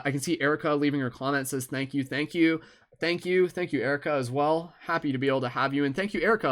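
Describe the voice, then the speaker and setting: A young man with a Canadian accent and a medium-pitched, fairly bright voice hosts a live stream. He chats in a laid-back, rambling way, using lots of fillers.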